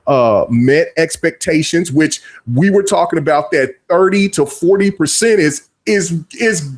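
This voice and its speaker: A man's voice: on the high side, measured pace. A man hosting a casual gaming podcast, talking in long rambling stretches full of restarts and fillers. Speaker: podcast host.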